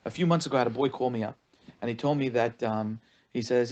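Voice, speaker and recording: An animated man teaches a lesson on marriage as a rabbi, his voice in the middle range. He tells stories and acts out the voices of the people he quotes. He repeats words to drive a point home. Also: medium pitch, quick pace. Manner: animated storytelling, acting out quoted callers. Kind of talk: spoken lesson.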